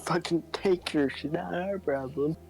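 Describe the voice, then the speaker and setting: A tabletop player answers bluntly, sounding like they don't care. The voice sits in a middle pitch. Faint music runs under the stream. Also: measured pace, gravelly, darkish tone. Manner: blunt, dismissive.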